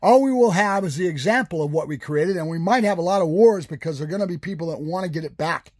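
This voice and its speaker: A furious man rants straight at the camera in a high, husky voice, swearing and hammering his points again and again. The sound is dry and close, with no room around him. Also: quick pace, darkish tone, no room sound. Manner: heated, profane, repetitive and emphatic. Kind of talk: political rant to camera.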